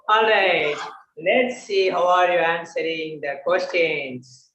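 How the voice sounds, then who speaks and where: A host calls the rounds of an online quiz game with a teasing, playful manner and mid-range pitch. The sound comes over a video call, roomy and a little dull. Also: takes it slowly, fairly bright tone, slight background noise. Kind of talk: lively online meeting hosting.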